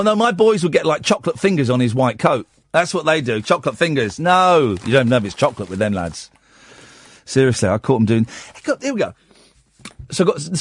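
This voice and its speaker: A man's voice: medium pitch, slightly rough, no room sound, studio quality. A middle-aged man, a late-night radio host telling rambling family stories and acting out the dialogue. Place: radio studio.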